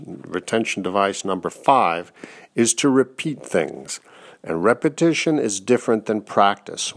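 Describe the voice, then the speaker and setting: A man giving a relaxed, encouraging spoken lesson with some fillers. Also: fairly low pitch. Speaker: instructor. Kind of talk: instructional talk.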